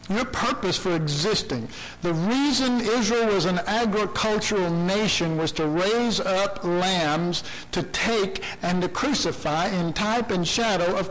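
A man preaching a sermon, dramatic and impassioned, swinging from soft asides to loud shouts. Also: high voice, poor audio.

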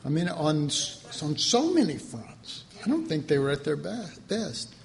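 A man delivers a casual, conversational sermon, chuckling as he goes and slipping into quoted voices. His voice sits slightly high for a man and has a gravelly edge. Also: big pitch swings, unhurried. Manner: folksy, laughing, acts out quoted voices. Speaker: preacher.

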